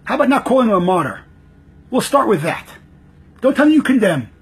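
A man's voice: very high voice, very animated, fairly quick, husky. A man giving impassioned, frustrated live commentary, firing off rhetorical questions and repeating himself. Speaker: political commentator.

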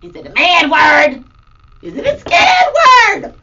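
A cheerful, playful grandmother, played by a woman, hosts a children's feelings segment in a high, swooping voice. She speaks slowly and exclaims often. The recording is distant and dull. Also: very noisy. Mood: bubbly. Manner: bubbly, animated, exclamatory. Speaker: segment host. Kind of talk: children's educational show acting.

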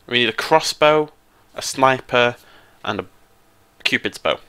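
British male gaming host, bouncy animated delivery, excitable with squealing highs. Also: unhurried, smooth. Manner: excitable, jumps into high squeals when surprised or delighted. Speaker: let's play host. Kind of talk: casual gameplay commentary.

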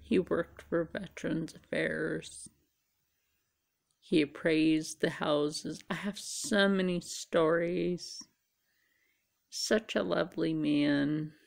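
Tired middle-aged lady rambling on her vlog, slow and kinda croaky. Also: deep voice, steady tone. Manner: rambling, musing aloud to herself. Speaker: vlogger. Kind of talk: casual chat.

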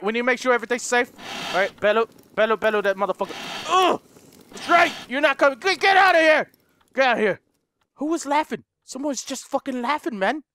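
A man doing let's play commentary, excitable, narrating his moves and shrieking and swearing at scares. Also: sits high. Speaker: gaming YouTuber.

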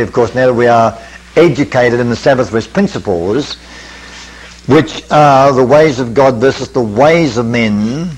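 On poor audio, an older male preacher with a medium, slightly mellow voice leads a camp meeting through a parable step by step. In this Bible study lecture he's measured and teacherly, questioning listeners and carefully reading the old scripture wording.

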